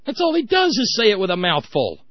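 A man's voice: sits high, wildly swooping pitch, fairly quick, no room sound, dull audio. A man hosting a political call-in radio show, ranting in a sarcastic, mocking way. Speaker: radio talk show host.

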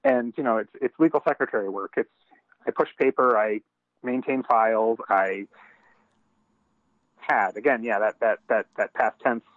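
A man's voice: mid-range voice, normal speed, long pauses, dry recording. Casual man on a dull phone line. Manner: casual, hesitant, many likes and you knows. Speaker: phone-in guest. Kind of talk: phone interview. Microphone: telephone.

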